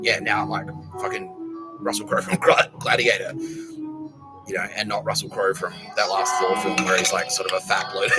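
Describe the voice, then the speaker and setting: A man's voice: fairly low pitch, animated, normal speed, loud music behind the voice, low-quality recording. An Australian man hosting a podcast, rambling in a casual, sweary monologue full of slang and laughter. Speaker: podcast host.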